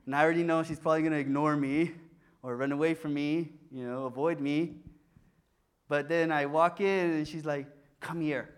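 A man's voice: fairly high pitch, steady tone, moderate pace, clean tone. A young man telling a personal story in a sermon, acting out the voices of the people in it. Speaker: preacher.

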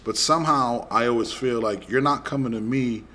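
A middle-aged man hosting a podcast, telling a story in casual chat, animated and profane, acting out both sides of a quarrel. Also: mid-range voice, moderate pace, a little hiss or hum. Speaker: podcast host.

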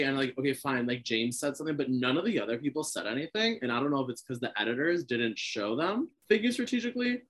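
A man's voice: mid-range voice, fairly bright tone. A young man co-hosting a podcast, rambling skeptically in casual chat with lots of fillers. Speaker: podcast co-host.

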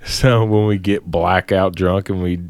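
A man's voice: deep voice, fairly even intonation, measured pace, clear, resonant tone. A man co-hosting and editing a podcast, chatting casually, swearing freely and laughing a lot. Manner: laid-back, profane, laughs often. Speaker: podcast co-host and editor. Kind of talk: casual chat.

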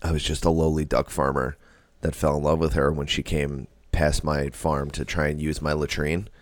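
A man's voice: a bass voice, level tone, moderate pace, no room sound. A man telling a joking story in casual podcast chat. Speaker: podcast co-host.

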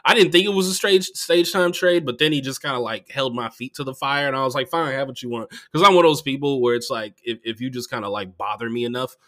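A man, a comedian, chatting casually on a podcast and telling profane, animated stories that jump into loud outbursts. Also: medium pitch, fast, hardly any pauses.

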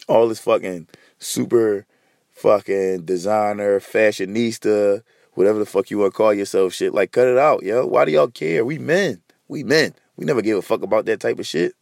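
Gravelly-voiced man ranting heatedly. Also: on the low side, darkish tone, no room sound, clean studio sound. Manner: heated, profane, repetitive. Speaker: podcast host. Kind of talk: casual podcast rant.

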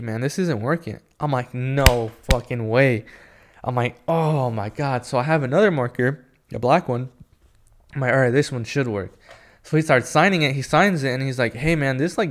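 A young man telling a story in a casual, excited, rambling way, full of filler words. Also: medium pitch, clear, resonant tone. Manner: excited, rambling, heavy use of "like" and "yo". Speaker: skateboarding fan telling a story.

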